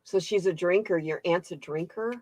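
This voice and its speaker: A woman's voice: lowish voice, normal speed, darkish tone, dry recording. A woman hosting a casual live-stream tarot reading, chatting with her viewers, laughing often and reading their comments aloud. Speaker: tarot reader and channel host.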